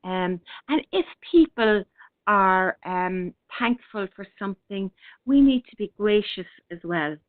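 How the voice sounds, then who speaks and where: A middle-aged woman hosting an online radio show, speaking gently and hesitantly as she chats and reads out listener comments. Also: mid-range voice, lively intonation, dry recording. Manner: gentle, unhurried, with many hesitations and restarts. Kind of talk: casual spiritual talk, reading out listener comments. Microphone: online radio broadcast. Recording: thin phone-like line, dry.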